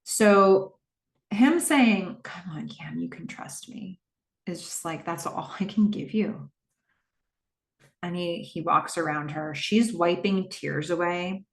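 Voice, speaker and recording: Slow-talking woman podcast host. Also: on the low side. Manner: reflective, asks listeners questions; narrates scenes with frequent fillers. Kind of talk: episode recap podcast. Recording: echoey room.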